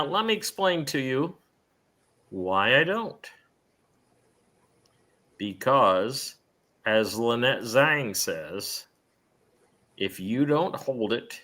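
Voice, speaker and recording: A middle-aged man hosts a live stream show, chatting casually and rambling, often restarting his sentences. His voice is mid-range with a sharp tone.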